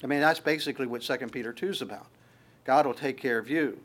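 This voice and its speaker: A man's voice: medium pitch, quick pace, fairly bright tone. A man preaching a sermon as pastor, conversational and emphatic, often restarting his phrases.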